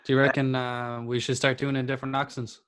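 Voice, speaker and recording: A man's voice: medium pitch, flat delivery, fast talker, a crowd in the background. A man co-hosting a podcast, joking in a laid-back, casual way. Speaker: podcast co-host. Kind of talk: casual banter.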